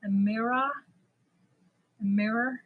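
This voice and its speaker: A woman's voice: fairly high pitch, fairly even intonation, slow, phone-quality sound. A middle-aged woman whose first language is not English, chatting casually and laughing at herself while hosting a livestream. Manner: chatty, self-deprecating, laughs often. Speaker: livestream host. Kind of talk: casual livestream chat with viewers.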